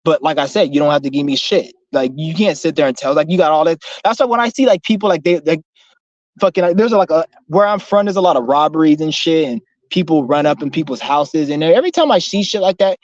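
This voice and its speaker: Young man, fairly high voice, blunt profane motivational rant, dry muffled lo-fi recording. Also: animated, quick pace, no room sound. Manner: blunt, profane, rambling with restarts. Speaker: vlogger.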